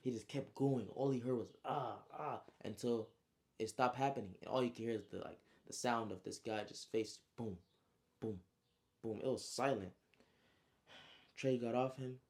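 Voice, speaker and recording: A man's voice: mid-range voice, normal speed, long pauses, a little mellow. A young man casually recapping his own story in heavy slang, adding spoken sound effects as he goes.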